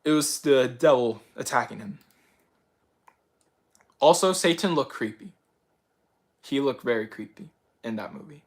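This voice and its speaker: A young man hosting his channel in casual chat, rambling excitedly and filling his talk with "like" and "bro". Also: mid-range voice, a little slow, long pauses. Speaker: channel host answering viewer picks.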